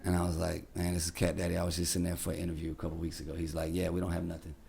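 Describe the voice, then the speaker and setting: A man's voice: deep voice, rapid-fire, vocal fry. A man who works as a radio DJ, telling stories casually as a podcast guest and acting out the people in them. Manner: animated, acts out the people in his stories. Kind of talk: casual storytelling.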